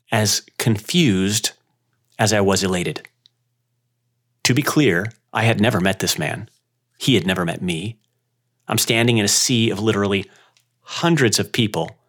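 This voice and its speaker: A man who owns a yoga studio, telling a personal story in an unhurried, reflective way with dramatic pauses. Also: fairly low pitch, fairly bright tone.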